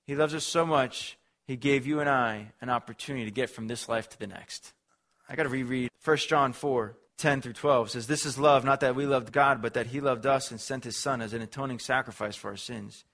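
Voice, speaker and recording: Pastor, male, mid-pitched voice, earnest emphatic sermon delivery with repetition. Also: steady tone, brisk, fairly bright tone.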